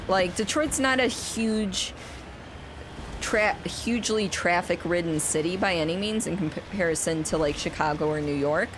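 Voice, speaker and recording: A woman's voice: fairly low pitch, noisy background. A woman streaming a game, chatting casually with viewers, rambling with frequent restarts. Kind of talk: casual chat while playing and reading chat aloud.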